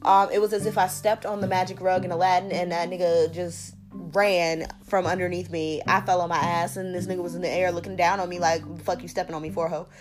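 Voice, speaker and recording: A young woman in her twenties with a slightly low voice talks openly on her podcast. Her speech is slangy, blunt and emphatic, and she repeats lines for effect. Music plays clearly behind her. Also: level tone, fairly quick. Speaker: podcast host. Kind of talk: casual monologue. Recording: music playing underneath.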